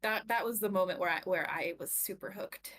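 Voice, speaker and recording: A woman's voice: on the low side, fairly quick, fairly bright tone. Laid-back young woman chatting about books. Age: young adult. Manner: laughs often, loose and informal. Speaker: book club co-host. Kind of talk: casual book discussion.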